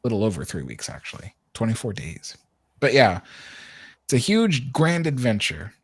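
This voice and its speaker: A chatty man with a lively voice that swings up and down as he talks. He laughs often, and his voice sounds dry and close, with no room echo. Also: mid-range voice, moderate pace, breathy edge. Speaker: show regular. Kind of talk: casual group chat.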